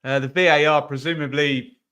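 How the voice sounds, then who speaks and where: A man's voice: a little high, steady tone, fairly quick, sharp tone, clear, resonant tone. A man running a live football watch-along, chatting casually about the match and reading out viewer comments.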